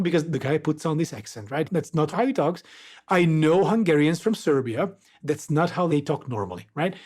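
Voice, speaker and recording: Eastern European man, podcast guest, fairly high voice, loose chatty delivery with fillers. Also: fairly quick. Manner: animated, lots of fillers like "like" and "right". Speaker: guest, video creator. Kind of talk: casual podcast conversation.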